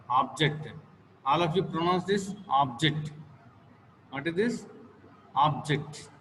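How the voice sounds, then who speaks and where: A man with an Indian English accent teaching a class on word stress, slow and repetitive, with many fillers. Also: a little high, fairly bright tone, a little hiss or hum. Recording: long hall reverb, faint ambience.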